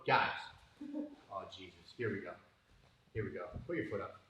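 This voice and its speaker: A man's voice: sits low, very animated, normal speed, a bit bright, a little hiss or hum. A man teaching jiu-jitsu on a live stream, in casual coaching talk full of fillers. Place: gym mat room. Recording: very echoey room, voice far from mic.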